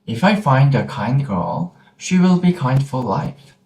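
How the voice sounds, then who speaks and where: A man with a Korean accent teaching pronunciation in a gentle lesson, repeating each sound slowly. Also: mid-range voice, very animated. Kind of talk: slow, patient pronunciation lesson. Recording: roomy echoey room.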